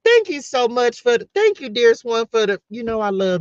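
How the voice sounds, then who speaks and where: A woman's voice: a little high, very animated, a little fast, hardly any pauses, a little mellow, no echo, dull audio. A middle-aged woman talking casually and emphatically to her live-stream viewers about faith, repeating herself like a preacher and calling them y'all. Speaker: faith livestreamer.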